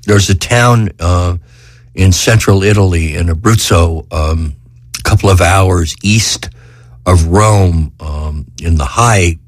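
A middle-aged man, an author, reading his own essay with feeling and then talking in a halting, earnest way. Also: sits low, no room sound, studio quality. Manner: earnest, emotional reading; halting, filler-heavy talk. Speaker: author and guest. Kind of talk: reading aloud, then conversation.

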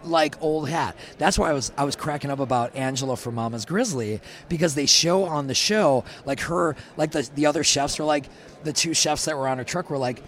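A man's voice: fairly high pitch, brisk. A middle-aged man, a food truck owner, telling stories in casual panel chat and acting out quotes. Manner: animated storyteller, acts out quotes.

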